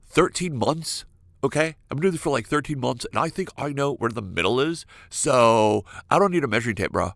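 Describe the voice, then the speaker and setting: A man voicing a cocky, stubborn young male worker who talks back in a loud, defensive bro way. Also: mid-range voice, expressive, fairly quick, creaky, no room sound.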